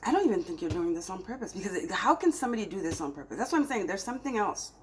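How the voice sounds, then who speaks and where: Woman tarot reader, mid pitch, emphatic and scolding, exasperated pleading, faint background hiss. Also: sing-song, rapid-fire, poor audio. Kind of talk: spiritual reading to camera.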